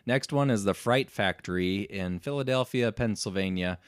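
A man's voice: on the low side, moderate pace, smooth, no room sound, studio quality. A man hosting a casual podcast chat, reading haunted house listings aloud and joking about them. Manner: reads aloud, then jokes and laughs. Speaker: podcast host.

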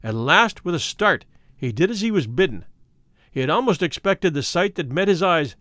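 Man narrating a horror story, expressive delivery, lively high-ish voice, dry close sound. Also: normal speed, dry recording. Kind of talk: dramatic audiobook narration.

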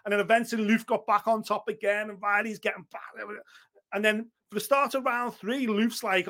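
A man co-hosting a fight podcast, talking in an excitable, gushing way and swearing freely. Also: high-pitched, a little fast. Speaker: podcast co-host. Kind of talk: casual MMA chat.

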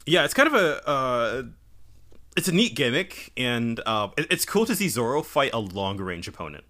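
A man's voice: mid-range voice, big pitch swings, moderate pace, bright, forceful tone. A man co-hosting a casual podcast chat, often hesitating and restarting sentences as he thinks aloud. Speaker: podcast co-host.

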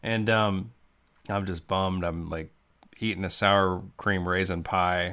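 A man co-hosts a comedy podcast, rambling through made-up scenarios with deadpan asides. His voice sits a bit low but sounds bright and forward. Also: slow pace. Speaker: podcast co-host. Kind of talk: comedic movie-riff chat.

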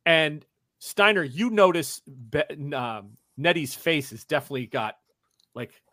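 A man narrating as game master in a tabletop game, lively and laughing, acting out quotes. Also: a little high, a little slow, no room sound, clean studio sound.

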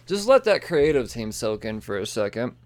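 Guy ranting about comics, swears a lot, goes off on tangents, smooth clear voice. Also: medium pitch, moderate pace. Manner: excitable, profane, rambling with frequent asides. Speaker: comic book reviewer. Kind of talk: casual profane comic review.

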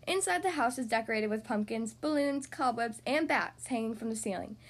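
A woman's voice: fairly high pitch, lively intonation, brisk, few pauses. A woman hosting a podcast, reading a children's storybook aloud in a cheerful, upbeat way. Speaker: podcast host reading to kids.

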